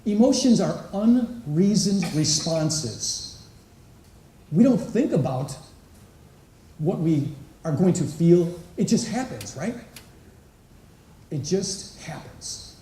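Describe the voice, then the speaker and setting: A man's voice: sits high, expressive, takes it slowly, long pauses, mellow, slight background noise. A man giving an inspirational talk at a conference, engaging the audience with questions and acting out quotes. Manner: engaging, asks the crowd questions and acts out quotes. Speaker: conference speaker. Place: large conference hall. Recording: echoey hall, voice picked up from a distance.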